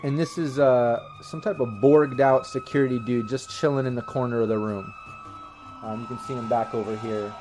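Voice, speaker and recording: A man's voice: mid-range voice, steady tone, moderate pace, darkish tone, a little hiss or hum. A young man narrating a tabletop game as game master, rambling with many fillers.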